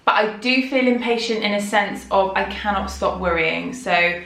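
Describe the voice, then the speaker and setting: A heavily pregnant vlogger candidly talks her audience through her worries, rambling and chatty. Her voice is medium-pitched and a bit bright at a moderate pace, and the room adds a noticeable echo.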